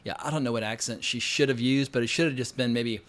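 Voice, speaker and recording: A man giving a casual, opinionated film review, blunt and quick to swear. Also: mid-range voice, fairly bright tone. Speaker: film critic.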